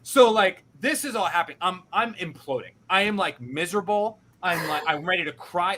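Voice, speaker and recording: Bright-voiced young man telling stories. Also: high-pitched, normal speed, hardly any pauses, a little hiss or hum. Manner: animated, self-deprecating, quoting others. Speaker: podcast host. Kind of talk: casual storytelling.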